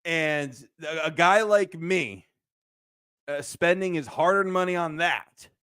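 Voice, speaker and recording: A man hosting a sports fan show, ranting and shouting in heated commentary, then dropping into low grumbles. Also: slow pace, smooth, no echo, studio quality.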